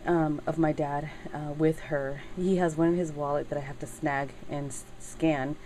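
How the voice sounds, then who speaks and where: A middle-aged woman chatting casually in a craft video, halting with many fillers and getting teary as she talks. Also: sits low, steady tone, warm tone, slight background noise, low-quality recording. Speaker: crafting channel host.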